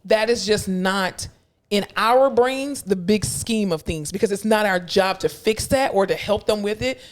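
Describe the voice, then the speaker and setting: A woman in her thirties, a physical therapist co-hosting a podcast, chatting casually and acting out people in her stories with big leaps in her voice. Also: unhurried. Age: 30s. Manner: animated storyteller, acts out quoted people with big pitch jumps. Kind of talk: casual chat.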